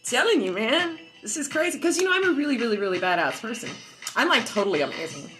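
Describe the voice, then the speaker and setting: A woman at home casually telling a story, profane and animated, often laughing as she talks. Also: a little high, racing, music in the background, rough recording. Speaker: vlogger.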